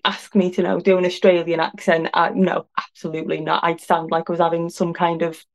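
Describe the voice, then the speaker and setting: A woman with a North Wales accent chats as a podcast guest. She talks in a lively, friendly way and laughs a lot between her lines. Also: on the low side, a little fast. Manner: laughs often, chatty and animated. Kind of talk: casual chat.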